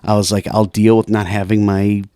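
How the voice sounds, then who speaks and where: A man's voice: fairly low pitch, little pitch movement, moderate pace, mellow, clean tone, no echo, clean studio sound. A man co-hosting a podcast, telling a long story in a rambling way with lots of restarts and laughs. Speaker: podcast co-host. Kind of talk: casual storytelling chat.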